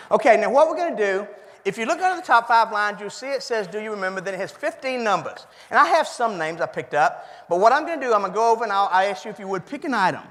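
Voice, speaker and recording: A man with a Cajun accent gives an interactive keynote speech, folksy and chatty, repeating the audience's answers back to them. His voice sits high and a bit bright, with hall reverb around it.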